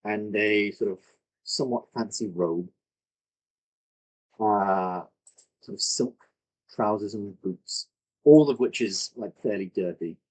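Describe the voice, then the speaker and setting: Slow, low-voiced game master. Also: male voice, darkish tone, poor audio. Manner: descriptive, many fillers and self-corrections. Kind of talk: improvised tabletop narration.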